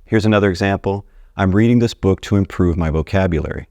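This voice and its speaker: A man's voice: low-pitched, quick pace, dark tone, no room sound, clean studio sound. A man teaching a casual video lesson on Spanish grammar, chatty and friendly as he talks straight to his viewers. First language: English.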